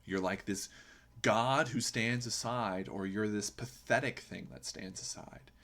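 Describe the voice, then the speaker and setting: A man's voice: fairly low pitch, measured pace, a bit bright. A man hosting a poetry podcast, giving earnest, emphatic commentary and often asking a rhetorical "right?". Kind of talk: reflective commentary on a poem.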